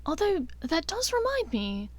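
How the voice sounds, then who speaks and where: A woman voicing an elegant aristocratic witch mother, poised, formal and soft-spoken, for an audiobook. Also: very high-pitched, wildly swooping pitch, unhurried, no echo, pitched above the performer's own voice, full character voice. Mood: gracious.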